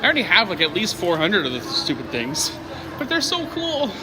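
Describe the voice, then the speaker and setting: A man's voice: high voice, wildly swooping pitch, brisk, background noise. A young man vlogging casually while out and about, joking and rambling in a chatty way. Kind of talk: casual vlog chat.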